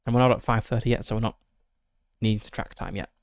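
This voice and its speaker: A man's voice: fairly low pitch, little pitch movement, quick pace, no room sound. A man streaming a solo tabletop game, reading the gamebook aloud with frequent fillers and short asides.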